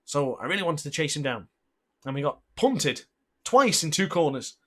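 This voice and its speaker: A man's voice: a little high, moderate pace. A man, a gaming streamer who calls his own race like a sports commentator and breaks into frustrated outbursts. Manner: excitable, mock race-caller, bursts into frustrated outbursts. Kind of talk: livestream gameplay commentary.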